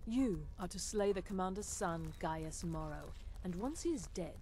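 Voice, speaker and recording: An actress playing a poised, calm female assassin handler in a game, giving orders in a measured, formal manner. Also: fairly low pitch, slight background noise.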